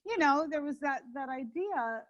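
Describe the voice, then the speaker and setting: A woman's voice: high voice, lively intonation, normal speed. A middle-aged woman chef chatting in an interview, rambling with many restarts. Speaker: interview guest, home chef. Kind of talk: casual interview chat. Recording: dull lo-fi sound.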